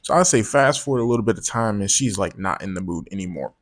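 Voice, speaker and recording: A man with a fairly low voice tells a personal story straight to the camera. He talks loose and slangy, swears freely and stumbles over repeated words as he rambles on. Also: animated, fast talker. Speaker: vlogger telling a personal story. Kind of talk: casual storytime monologue.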